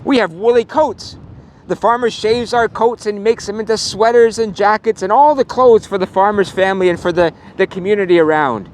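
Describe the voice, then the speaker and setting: Proud, cheerful woolly sheep from a storybook, as a man plays them, high and slow, stretching the words out. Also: slight background noise, close to an everyday voice.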